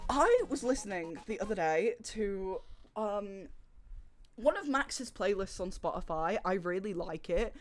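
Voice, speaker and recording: Young woman streamer, mid pitch, sarcastic animated chatter, faint music under her. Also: a little slow. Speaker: livestreamer. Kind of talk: casual stream chat.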